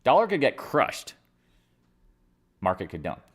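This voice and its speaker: A man's voice: medium pitch, wildly swooping pitch, measured pace, breathy edge. A man hosting a casual live market chat, rambling and joking as he walks through charts, sometimes laughing at himself. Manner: sings and mimics other traders in silly voices.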